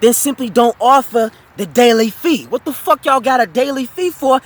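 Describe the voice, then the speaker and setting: A man's voice: extremely high pitch, moderate pace. A man telling a storytime tale as a heated, profane rant, rambling with fillers and restarts.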